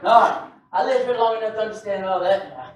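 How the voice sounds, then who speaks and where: Guy preaching a sermon, pretty high voice, super echoey church, mic way off. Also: fast, far from the mic. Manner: lively, joking, calls out to the congregation. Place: church sanctuary.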